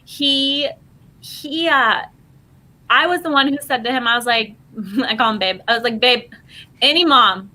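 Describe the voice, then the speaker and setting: A woman's voice: a little high, a little slow, long pauses, pushed and bright. A woman guest telling a rambling personal story in casual podcast chat, full of fillers and self-corrections, acting out what people said. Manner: chatty, rambling, many fillers and self-corrections, acts out quotes. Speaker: guest, language program founder.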